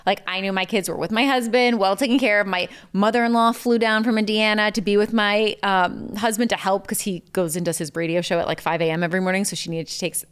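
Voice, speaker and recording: A woman's voice: medium pitch, fairly even intonation, fast talker, few pauses, clear, resonant tone. A woman guest in casual chat, telling stories with many "like" fillers. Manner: chatty storytelling full of "like" fillers. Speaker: podcast guest.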